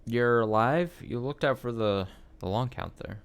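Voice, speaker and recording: A man's voice: medium pitch, unhurried, smooth. A man hosting a let's play, reading dialogue options aloud in a hesitant way with many uhs and ums. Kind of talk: reading game dialogue aloud while playing.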